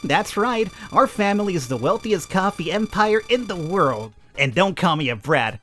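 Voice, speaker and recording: A man's voice: sits high, sing-song, normal speed, a bit bright, pitched above the performer's own voice, full character voice. A man voicing a snobbish, stuck-up rich young woman in a game, talking in a haughty, sneering way.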